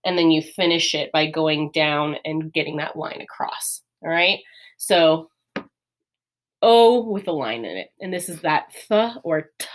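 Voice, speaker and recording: A woman's voice: mid-range voice, fairly bright tone. A woman teacher giving a classroom lesson, explaining patiently step by step with many fillers and light laughs. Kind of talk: classroom lesson on writing letters.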